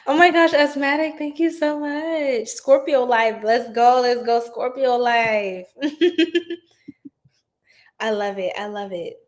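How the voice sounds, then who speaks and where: A woman's voice: fairly high pitch, rough recording. A woman hosting a casual livestream card reading, chatty and full of fillers, talking to viewers into a phone. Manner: chatty, many fillers, addresses viewers as y'all. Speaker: tarot reader, livestream host.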